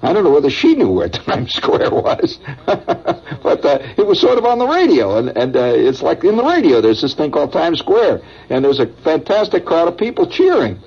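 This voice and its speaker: Middle-aged male radio host, rambling folksy storyteller, husky and lively, old muffled broadcast sound. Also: a little high, normal speed. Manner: folksy and conversational, with chuckles and asides to listeners. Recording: dull vintage radio broadcast.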